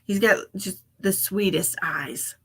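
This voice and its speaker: Woman psychic medium, live-stream host; casual, giggly, whispers asides, medium pitch. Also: slow pace, slightly rough. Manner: chatty, laughs often, drops into whispered asides.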